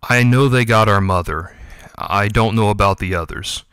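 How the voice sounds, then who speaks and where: A man's voice: on the low side, moderate pace, clear, resonant tone, dry recording, clean studio sound, natural voice. A man voicing Yuki, a defiant young cat. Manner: forceful, defiant, a touch stammering. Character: young male cat, brave but nervous elder brother. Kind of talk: audiobook character voice.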